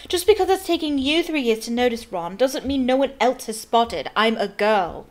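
A woman voicing a lofty, sharp-tongued teenage schoolgirl in a read-aloud. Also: on the high side, a little fast, lightly acted. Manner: lofty and snappish.

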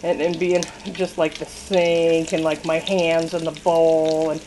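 A woman with a slightly low voice rambles through a home cooking video in her kitchen, poking fun at herself and laughing as she goes. Oil sizzles faintly behind her over a light hiss. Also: flat delivery, a little slow, darkish tone, poor audio. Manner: rambling, self-deprecating, laughs often. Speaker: cooking vlogger. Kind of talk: casual chatty cooking demo. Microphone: camera on the counter, later a handheld camera.

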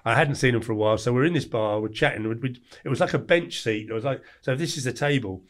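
A man in his forties from England, a podcast guest telling a story in a blunt, lively way and acting out the lines of others. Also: medium pitch, fast talker. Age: 40s. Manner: blunt, animated storyteller who acts out quoted lines. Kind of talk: storytelling interview.

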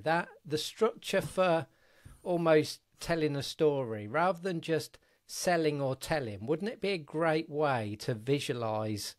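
A man's voice: a little high, no room sound, clean studio sound. A middle-aged man hosting a podcast, chatting casually and reflecting aloud. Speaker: podcast host. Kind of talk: casual chat.

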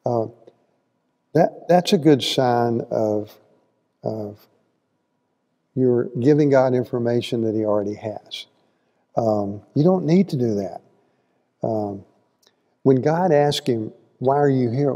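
A man's voice: mid-range voice, a little slow, pauses often, dark tone, long reverb tail. A man teaching a conversational Bible class, folksy and asking the listeners questions as he goes. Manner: folksy, asks the audience questions, acts out quotes. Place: church hall.

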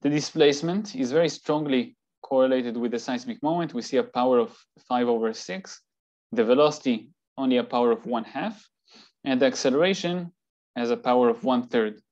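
A man delivers a slide lecture in a calm, explanatory way, pausing now and then on fillers. His voice sits at an ordinary middle pitch. The recording is a little dull and lo-fi. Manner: measured, explanatory, occasional fillers. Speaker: seismology lecturer. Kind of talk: academic talk with slides.

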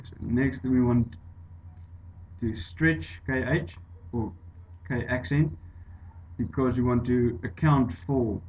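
A man explaining an engineering derivation over slides in a halting way, with many fillers and restarts. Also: medium pitch. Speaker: engineering tutor. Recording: dull lo-fi voice-over with faint hiss.

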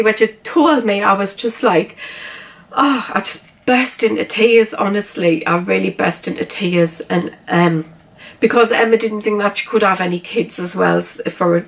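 A middle-aged British woman chatting casually to camera in a home vlog, gushing and rambling with lots of fillers. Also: medium pitch. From United Kingdom. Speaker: vlogger. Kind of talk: casual haul vlog chat. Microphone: camera on a tripod, then handheld.

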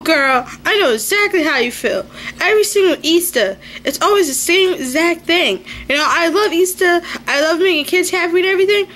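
Woman voicing a very high-pitched Easter egg girl, gushing, excitable, girlfriend chatter. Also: a little fast. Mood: chatty.

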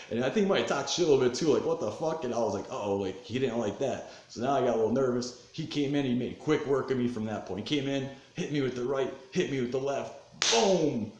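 A man in his thirties telling a rough personal story in a casual, profane way, getting heated and then calming down, recorded at home in his living room. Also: mid-range voice, quick pace. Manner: profane, animated, swings between fired-up and subdued. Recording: roomy echo, faint background noise.

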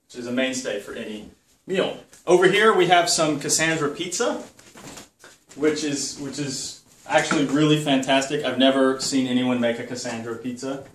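A man hosting a casual home vlog, enthusiastic and excitable, talking in his dining room during a party. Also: a little high, a little hiss or hum. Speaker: video host. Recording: roomy sound from a distance.

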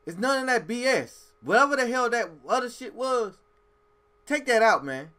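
A man with a very high voice hosts a music reaction video at a normal pace. He's animated, giving blunt, emphatic opinions in casual street slang and saying "bro" a lot.

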